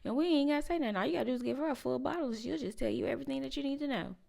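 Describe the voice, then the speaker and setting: Animated woman recapping reality TV. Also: sits high, very fast, vocal fry. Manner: opinionated, animated, informal slang. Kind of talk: casual show recap and commentary.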